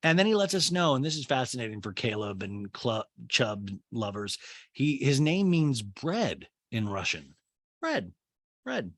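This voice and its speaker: A man's voice: mid-range voice, sing-song, normal speed, fairly bright tone, no room sound, clean studio sound. A young man hosting a podcast, recapping a reality show in a chatty, self-mocking way and acting out quotes in exaggerated voices. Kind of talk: casual comedic recap.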